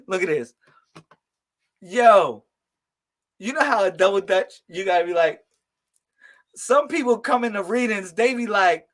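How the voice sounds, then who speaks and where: High, bright-voiced man, slow and slangy. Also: expressive. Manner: loud, slangy and laughing, calls out to viewers. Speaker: livestream host giving psychic readings. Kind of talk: casual live-stream chat with viewers.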